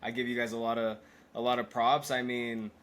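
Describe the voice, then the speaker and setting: A man's voice: medium pitch, completely flat delivery, brisk, fairly bright tone. Hesitant man chatting as podcast guest. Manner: hesitant, many fillers and restarts. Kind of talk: casual chat.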